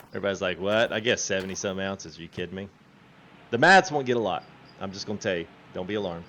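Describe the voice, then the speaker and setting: A man's voice: low-pitched, brisk, pauses often, sharp tone. A man hosting a game livestream, chatting casually, laughing often and quoting his viewers. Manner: laughing, chatty, quotes chat. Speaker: livestream host.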